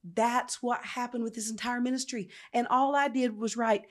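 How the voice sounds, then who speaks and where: A woman's voice: on the high side, moderate pace, hardly any pauses. A middle-aged woman, a nonprofit founder telling her story in an interview with emphatic energy. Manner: animated, acts out quotes, emphatic.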